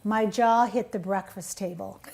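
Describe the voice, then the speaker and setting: A woman's voice: medium pitch, steady tone, unhurried, vocal fry, a little mellow. A woman hosting a TV talk show in a studio, chatty and playful, teasing her guests, with a runny nose from allergies.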